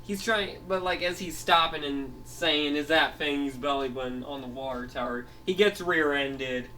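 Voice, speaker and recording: A man's voice: medium pitch, normal speed, pushed and bright. A man telling a made-up story in a rambling way, full of restarts and laughs. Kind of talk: improvised storytelling. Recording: voice heard from a distance, faint noise.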